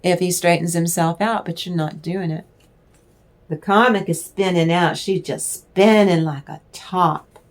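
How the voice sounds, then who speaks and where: A woman giving a casual spiritual tarot reading, rambling and affectionate, stopping now and then to clear her throat. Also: on the low side, a little slow. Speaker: tarot reader.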